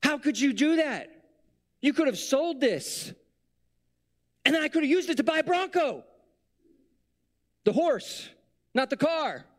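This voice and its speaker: A man's voice: lively intonation, measured pace, long pauses. A man voicing a whiny, exasperated male Jesus who rants and throws a tantrum. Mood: whiny, indignant. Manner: shrill, exasperated ranting.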